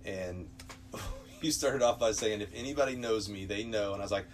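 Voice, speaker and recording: Low-voiced podcast host. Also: male voice, normal speed. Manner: friendly, reactive, short backchannels. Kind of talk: casual interview chat.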